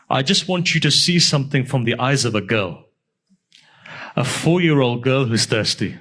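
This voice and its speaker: A man's voice: medium pitch, animated, moderate pace, a bit bright. A male preacher telling a mournful story in a sermon, swelling into emotional recitation.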